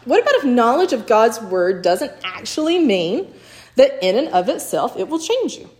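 A woman's voice: on the high side, big pitch swings, normal speed, darkish tone. A woman, giving a sermon and telling stories with little acted quotes, often asking "right?". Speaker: speaker teaching a church talk. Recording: echoey room.

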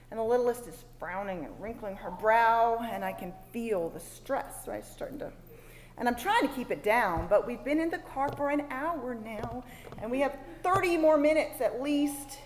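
A woman, speaking to a women's gathering and telling a personal sermon story in an expressive way that moves from hushed asides to loud exclaims. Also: on the high side, normal speed. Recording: long hall reverb, faint background noise.

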